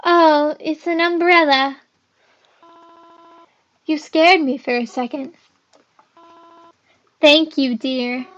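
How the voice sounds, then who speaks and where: A woman's voice: high-pitched, fairly even intonation, takes it slowly, long pauses, fairly bright tone, highs cut off. A girl voicing a grieving mother who mourns her young daughter and speaks sorrowfully, close to tears. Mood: startled. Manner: sorrowful, tearful, apologetic.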